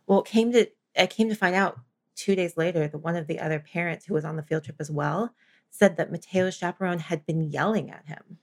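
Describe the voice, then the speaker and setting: Gravelly-voiced woman telling stories. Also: on the low side, fairly quick, slight background noise. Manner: animated storyteller, laughs often. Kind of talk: casual chat.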